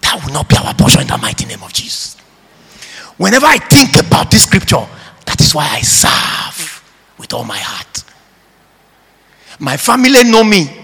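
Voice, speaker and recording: A man delivers a sermon in a high, husky voice that leaps wildly in pitch. He drives each phrase slowly, shouting some lines and dropping to a hush on others, and calls on the congregation to answer him. His voice rings out with a long reverb from the hall. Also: wildly swooping pitch. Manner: emphatic, swings between shouting and hushed tones. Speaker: preacher.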